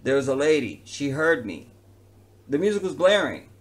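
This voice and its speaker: A man who works as an entertainer, telling a personal story to camera in an animated, slangy, conversational way. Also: a little high, normal speed.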